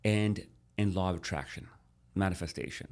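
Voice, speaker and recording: A man's voice: sits low, normal speed, a little mellow. A middle-aged man, a podcast guest, telling his life story casually and animatedly, calling the host "bro".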